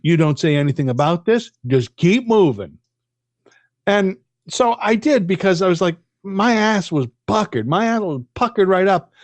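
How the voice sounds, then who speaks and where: Podcast co-host, male, slightly high voice, swears a lot while telling stories, dry booth sound. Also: normal speed, no room sound. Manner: profane, rambling, animated storyteller. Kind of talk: casual storytelling chat.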